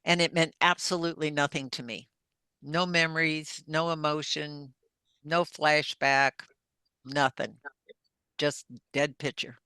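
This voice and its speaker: Bright-voiced older woman telling her story. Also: sits low, fairly even intonation, a little slow, clear, resonant tone, no room sound. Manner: earnest, vivid retelling with acted-out dialogue. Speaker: podcast guest. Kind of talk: personal testimony storytelling.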